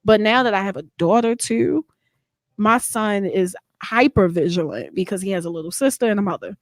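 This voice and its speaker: A woman in her thirties, a guest author sharing her personal story in a radio interview, candid and animated. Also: medium pitch, moderate pace, no room sound, studio quality.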